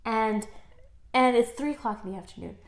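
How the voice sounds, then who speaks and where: A woman's voice: fairly high pitch, moderate pace, echoey room. A woman co-hosting a casual chat over wine, telling a story animatedly and acting out quoted dialogue. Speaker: small business owner, co-host.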